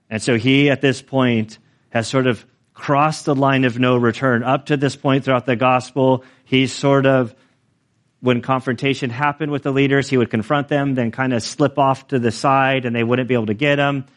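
A man's voice: medium pitch, flat delivery, moderate pace. Conversational man preaching a sermon. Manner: conversational, self-deprecating preaching with frequent restarts and asides. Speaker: pastor.

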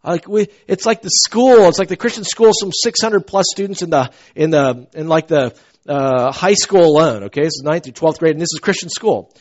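A middle-aged man from the American South preaches with an earnest, animated energy, often backing up and restarting his sentences. His voice sits high for a man. The recording sounds dull and lo-fi. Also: moderate pace. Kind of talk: sermon.

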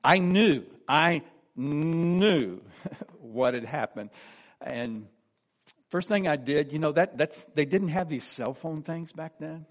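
In an animated but slow delivery, a man in his sixties offers an earnest testimony from the pulpit. He tells it warmly, and his voice becomes hushed and low each time he quotes someone.

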